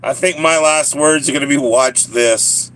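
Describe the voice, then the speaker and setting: A man's voice: a little high, flat delivery, fast, a bit bright. A man with a Southern US accent chatting casually on a live stream, joking and laughing often as he rambles to his viewers.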